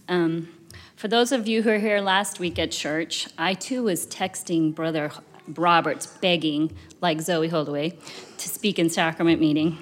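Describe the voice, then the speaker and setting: A woman's voice: fairly low pitch, a bit bright, a little hiss or hum. Emotional middle-aged woman speaking in a chapel. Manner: rambling, emotional, with many fillers. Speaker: church speaker. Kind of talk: sacrament meeting talk. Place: church chapel. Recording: long reverb of a chapel hall.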